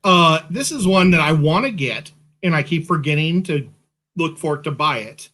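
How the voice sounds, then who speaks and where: A man's voice: fairly high pitch, animated, moderate pace, bright, forceful tone. A man co-hosting a casual chat, playful and talkative with joking asides, a bit sleepy. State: sleepy, yawning. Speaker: co-host.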